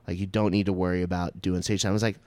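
A man, a stand-up comic, telling a story in casual chat, animated and full of swearing and "like" fillers. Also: sits low, rapid-fire, no echo. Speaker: stand-up comedian.

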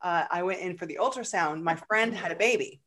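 A woman guest telling a personal story in conversation, halting and repeating words, then growing lively as the story goes on. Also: on the low side.

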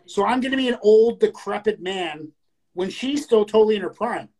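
A man's voice: sits high, lively intonation, normal speed, a little mellow, rough recording. A man in his late thirties co-hosting a poetry show in casual chat, rambling with stammered restarts and plenty of swearing. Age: late 30s.

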